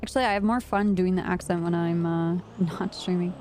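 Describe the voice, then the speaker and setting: A chatty woman streamer talks loosely to her viewers, rambling through stories and breaking into laughs. Her voice sits on the low side, with a faint hiss of noise behind her. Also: fairly even intonation, a little fast, darkish tone. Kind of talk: casual chat with stream chat.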